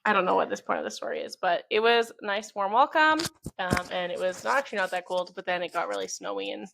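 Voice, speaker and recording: A woman's voice: medium pitch, quick pace, vocal fry, a bit bright. A young woman co-hosting a podcast, chatting casually in an easygoing, supportive way. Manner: easygoing, supportive listener with frequent backchannels. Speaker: podcast co-host. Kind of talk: casual chat.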